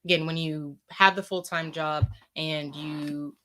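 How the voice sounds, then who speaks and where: Low-voiced woman musing on a podcast. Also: fairly even intonation, unhurried, a bit bright. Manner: thoughtful, searching, with fillers. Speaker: podcast speaker. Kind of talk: casual podcast conversation.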